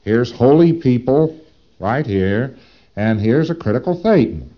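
A man's voice: medium pitch, lively intonation, unhurried, lo-fi sound. A man giving a lecture, speaking dramatically with rhetorical questions and acting out his examples. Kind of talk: recorded lecture.

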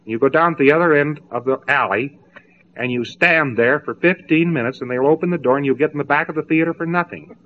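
A man's voice: a little high, a little fast, slight background noise. A man giving a spoken lecture, mocking and sarcastic as he tells stories to make his point. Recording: tinny narrow-band old tape.

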